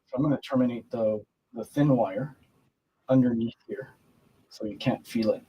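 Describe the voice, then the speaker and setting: A man calmly explaining jewelry wirework as he demonstrates, speaking quietly. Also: medium pitch, moderate pace, slightly rough, low-quality recording. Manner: quiet, steady, explains as he works. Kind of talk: calm how-to instruction.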